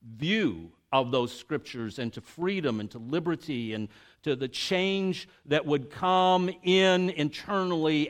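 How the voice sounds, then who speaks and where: A man preaching a sermon, reading scripture, then explaining it in a conversational, animated way with restarts and asides. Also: a little high. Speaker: pastor.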